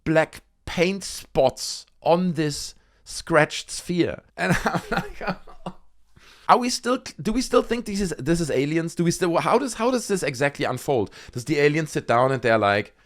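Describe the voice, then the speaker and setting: A man's voice: a little high, animated, measured pace. A young man hosting a casual commentary video, talking with animation and sarcasm and calling his viewers dude. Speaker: video host.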